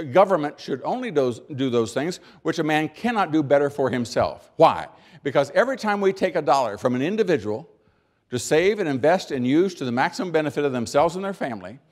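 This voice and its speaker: An older man from the United States giving a keynote speech, telling folksy stories and making points with emphatic pauses and repeated words. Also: fairly high pitch. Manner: folksy storytelling, acting out little scenes. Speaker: keynote speaker.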